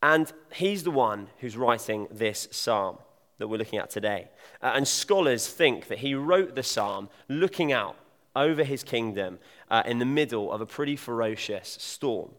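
Chatty preacher from in a reverberant hall. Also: male voice, medium pitch, animated, normal speed, a bit bright. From Devon, England. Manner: chatty, jokey, addresses audience directly. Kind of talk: informal sermon.

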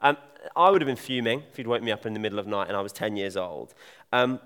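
Chatty preacher from in a reverberant hall. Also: male voice, on the low side, fast talker, a bit bright, clear, resonant tone. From Devon, England. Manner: chatty, jokey, addresses audience directly. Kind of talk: informal sermon.

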